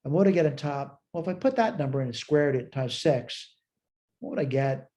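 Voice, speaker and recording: Mellow-voiced man teaching math. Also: on the high side, fairly quick. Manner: thinks aloud while working, chatty and self-deprecating. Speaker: college math instructor. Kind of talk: recorded math lecture.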